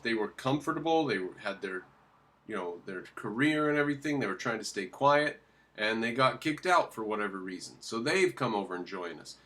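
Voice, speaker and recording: A man in the middle of opinionated commentary, with a voice of ordinary pitch. He presses his points hard, asking rhetorical questions and answering them at once. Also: a bit bright. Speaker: political commentator reacting to a video clip.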